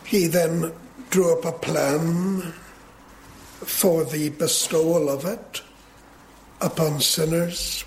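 Slow, deliberate male preacher. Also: a little high. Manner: measured, rising to emphatic peaks. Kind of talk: sermon.

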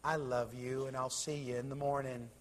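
A preacher putting on a frail old mother on her deathbed, hushed and gentle, her words held low and quiet. The voice rings out in a long church-hall reverb. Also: little pitch movement, moderate pace, natural voice. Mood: tender. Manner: soft, hushed and tender. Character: dying elderly mother, tender and calm.

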